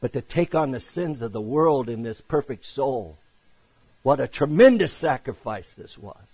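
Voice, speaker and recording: A man delivers a sermon with a slightly husky, breathy edge to his voice. His delivery surges into loud, emphatic peaks and then sinks into quiet, low passages. The recording is dry and close, with no room sound. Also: animated, unhurried, no echo, rough recording. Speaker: preacher.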